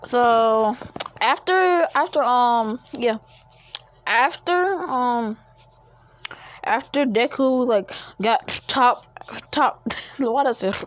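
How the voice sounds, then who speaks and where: Woman vlogger with a slightly high voice, rambling storyteller, unhurried, on a muffled lo-fi mic. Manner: rambling, full of fillers and restarts. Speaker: fan-fiction storyteller. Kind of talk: casual storytelling. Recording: dull lo-fi dry recording.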